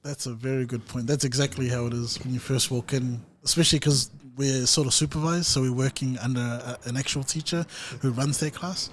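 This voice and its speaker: A man's voice: medium pitch, fairly even intonation, fairly quick, few pauses, a little hiss or hum. A young man hosting a podcast interview, speaking thoughtfully and hedging with fillers. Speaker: podcast host. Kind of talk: casual interview chat.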